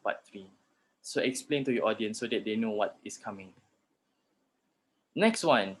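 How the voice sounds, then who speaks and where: A young male lecturer with a Malaysian English accent, talking through an online class at a computer mic. His voice sits at an ordinary middle pitch, and he slips between English and Malay while he walks his students through examples. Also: fairly bright tone. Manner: mixes English and Malay, explains with spoken examples.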